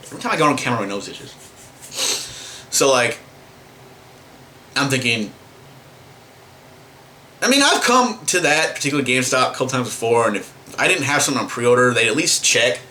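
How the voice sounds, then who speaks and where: A man's voice: medium pitch, very animated, brisk, pauses often, sharp tone, slight background noise. A man ranting to camera in a vlog, exasperated and profane, full of fillers and restarts. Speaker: vlogger.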